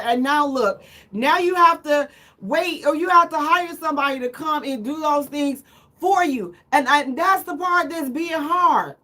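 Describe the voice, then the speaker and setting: A woman's voice: high voice, expressive, unhurried, pushed and bright. A middle-aged woman hosting a live radio talk show, telling teasing, self-mocking stories in a casual chat.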